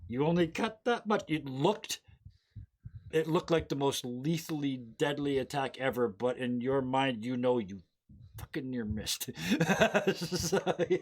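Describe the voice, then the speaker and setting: A man's voice: mid-range voice, measured pace. A man narrating as game master of a tabletop role-playing game, laughing often and acting out the scenes.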